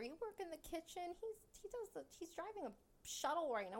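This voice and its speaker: A woman's voice: high voice, sing-song, fast talker, few pauses. A female guest telling a story in casual chat, acting out the dialogue she quotes. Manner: chatty, acts out quoted dialogue.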